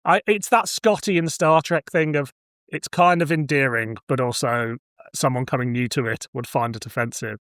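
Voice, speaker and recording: A man's voice: medium pitch, fairly even intonation, normal speed, a bit bright, dry recording. Chatty man hosting, dry close sound. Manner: laughing easily, chatty. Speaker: podcast host. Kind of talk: casual chat.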